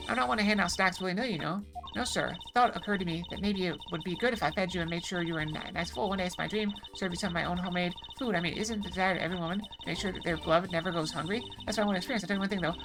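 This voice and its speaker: A woman's voice: on the low side, lightly acted. A woman voicing a chatty, fawning elderly woman security guard in a video game playthrough, rambling and doting. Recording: music playing underneath.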